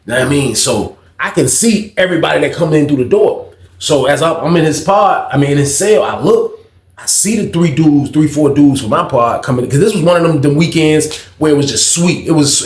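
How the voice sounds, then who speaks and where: Laid-back man spinning a street story. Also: fairly high pitch. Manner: street slang, keeps asking "you know what I mean". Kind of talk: casual storytelling. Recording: roomy echo.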